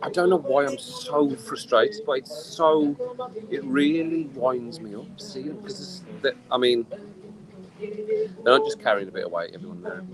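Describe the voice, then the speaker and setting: A man's voice: medium pitch, low-quality recording. A man ranting in a rambling, exasperated way during a casual live stream from an outdoor poolside bar, audibly tipsy from drinking. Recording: clear music behind the voice. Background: music playing.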